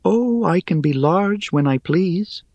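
A man's voice: sits high, animated, slow, a little mellow, no echo, highs cut off, voice pushed up, full character voice. A man voicing an ancient female spider in a small, airy voice, wry, teasing and superior, in a storybook reading.

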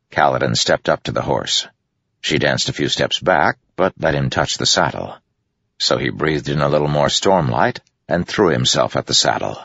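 A man narrates a story in an expressive, scripted delivery. His voice sits extremely low with a gravelly rasp and a lively, animated melody. The recording is dry and somewhat muffled. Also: normal speed, no echo. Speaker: audiobook narrator. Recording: dry, dull lo-fi sound.

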